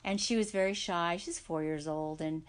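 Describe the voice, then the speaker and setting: A woman co-hosting a podcast in casual chat, recounting events in a measured, matter-of-fact way. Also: fairly low pitch, clean tone. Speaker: podcast co-host.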